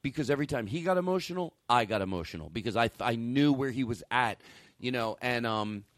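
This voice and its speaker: A man's voice: medium pitch, animated, a little fast, a bit bright, no room sound. A man hosting a podcast, telling stories in a loose, rambling and profane way, with lots of restarts. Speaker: podcast host. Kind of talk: casual chat. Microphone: studio mic with a caller on the line.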